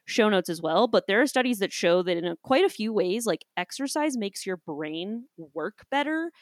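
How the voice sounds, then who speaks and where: Woman, podcast co-host, casual chat, animated storyteller, mid pitch, dry recording. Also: moderate pace, no echo. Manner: animated storytelling, acts out quoted people, swears casually.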